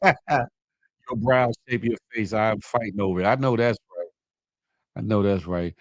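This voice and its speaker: A man hosting a casual live morning show, chatting with viewers, laughing often and animated as he reads their comments. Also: fairly low pitch, unhurried, no room sound, poor audio. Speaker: livestream morning show host.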